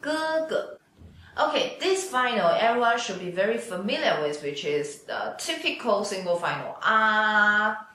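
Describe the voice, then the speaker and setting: A woman teaching Chinese speaks in a mid-range, expressive, sharp voice, patiently elongating each pinyin sound for students to say back in a slow drill lesson. The room is very echoey, she's off mic, and there's slight background noise.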